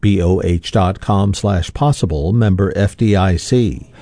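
A man reading sponsor announcements for a radio station in a smooth announcer read. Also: low voice, measured pace, warm tone, dry recording.

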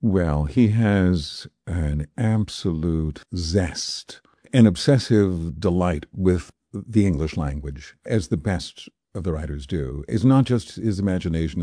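A man talks backstage about literature, articulate and full of enthusiasm. His voice is very deep and dark, recorded dry and close. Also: no echo. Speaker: actor interviewed as a guest. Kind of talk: backstage interview. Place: backstage at a theater.

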